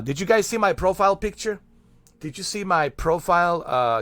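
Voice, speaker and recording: A man's voice: a little high, normal speed, a bit bright, no room sound. Rambling man chatting on stream. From Bosnia. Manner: rambling, filler-heavy, profane. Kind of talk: casual stream chat.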